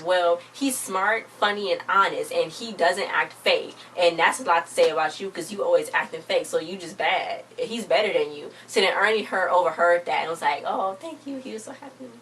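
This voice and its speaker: A woman's voice: lowish voice, fairly quick, few pauses. Chatty young woman recapping an episode. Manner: chatty, animated retelling with quoted lines and asides. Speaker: TV episode reviewer. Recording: distant mic with faint background noise.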